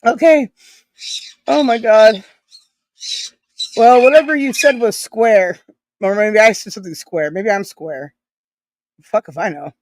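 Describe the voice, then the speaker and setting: A woman's voice: a little high, a little slow, long pauses, darkish tone, dry recording. A woman live streamer chatting casually and reading out chat messages, rambling, swearing freely and breaking into giggles often.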